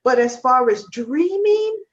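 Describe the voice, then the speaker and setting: A woman in her fifties co-hosting a live stream, asking her guest questions in a measured way. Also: high-pitched, sing-song, highs cut off. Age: 50s. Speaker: co-host. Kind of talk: interview chat.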